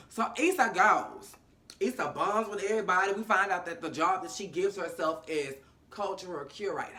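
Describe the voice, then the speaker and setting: Animated, slangy woman with a bright voice. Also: fairly low pitch. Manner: animated, acts out characters' lines in different voices; slangy and profane. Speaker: TV episode recap host. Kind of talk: casual storytelling recap.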